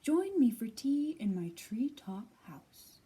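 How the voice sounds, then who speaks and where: A woman voicing a hungry owl in a picture-book reading, hushed and airy. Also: mid-range voice, expressive, slow, breathy edge. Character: hungry owl in a treetop, fussy.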